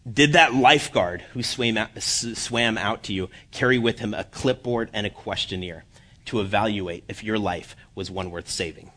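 Man, church sermon, bright tone, self-deprecating humor, stumbling restarts. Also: on the low side. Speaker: guest preacher.

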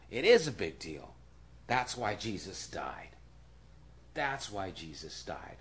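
Speaking slowly in a low, very animated voice, a pastor delivers a sermon with emphasis and repeated key phrases. Again and again his voice sinks to a near whisper.

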